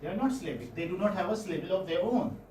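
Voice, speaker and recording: A man with an Indian English accent teaching phonetics in a classroom, questioning students and repeating sounds slowly. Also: high voice, darkish tone, a little hiss or hum. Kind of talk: classroom lecture. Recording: echoey classroom, far-off mic, faint ambience.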